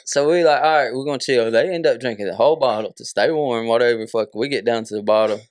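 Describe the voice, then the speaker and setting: A young man, a podcast guest, telling a story in a casual, animated way, laughing often and swearing a lot. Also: mid-range voice, fast, dry recording, clean studio sound.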